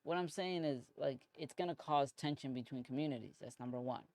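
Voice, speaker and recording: A man's voice: medium pitch, a little fast, creaky, dry recording. A man in his twenties hosting a solo podcast, talking casually in a rambling, profane way and often saying "bro". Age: 20s. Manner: rambling, profane, animated, says "bro" a lot. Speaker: podcast host.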